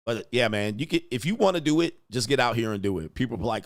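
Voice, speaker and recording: A man hosting a casual livestream, reading chat comments and telling stories in a profane, animated way. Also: mid-range voice, quick pace. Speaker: host of a livestream show. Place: home studio.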